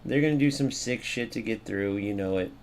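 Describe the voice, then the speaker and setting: A young American man gives live commentary over his own football video game matches. He swears freely and swings from muttered asides to sudden loud outbursts. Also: fairly low pitch, brisk, slight background noise. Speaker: gaming YouTuber.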